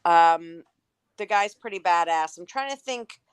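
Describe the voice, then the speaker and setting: Hesitant woman with a smooth, dry voice. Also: fairly low pitch, expressive, unhurried, no echo. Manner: hesitant, searching for names, many fillers. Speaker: podcast panelist. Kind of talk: casual movie chat.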